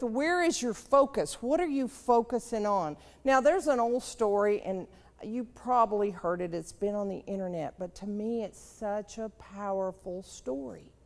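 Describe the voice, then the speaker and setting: A woman leadership trainer giving a live seminar talk, with slow, questioning, storytelling delivery and a gravelly voice. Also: mid-range voice, darkish tone, big-room sound.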